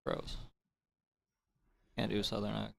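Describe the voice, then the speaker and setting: A man's voice: on the low side, monotone, measured pace, creaky. A man casually commenting on a game he plays on stream, with wry, sarcastic remarks.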